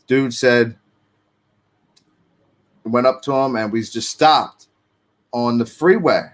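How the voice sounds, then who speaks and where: A man's voice: medium pitch, slow. Man telling a street story. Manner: street slang, profane, acts out quotes. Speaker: former inmate telling his story. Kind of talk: casual storytelling.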